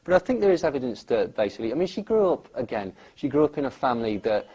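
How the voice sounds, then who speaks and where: A man, a guest in an interview, talking in a rambling, animated way with lots of fillers. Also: medium pitch, fast, husky, rough recording. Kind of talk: conversational interview.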